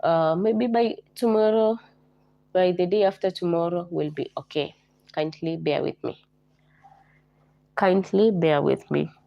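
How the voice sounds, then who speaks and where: Hoarse Kenyan woman hosting a livestream. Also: on the low side, unhurried, pauses often, muffled recording. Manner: repeats herself, greets viewers by name. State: hoarse from a flu. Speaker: livestream host. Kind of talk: casual livestream chat.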